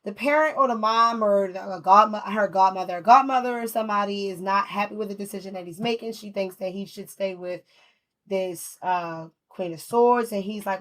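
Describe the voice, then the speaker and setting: A woman talks through a tarot spread in a casual, rambling way. Her voice is bright and forward. She laughs often and swears freely. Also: mid-range voice, moderate pace. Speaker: tarot reader.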